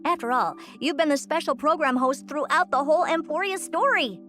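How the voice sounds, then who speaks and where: Chirpy high co-host. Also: female voice, brisk, a bit bright, faint music behind. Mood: perky. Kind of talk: scripted game broadcast hosting.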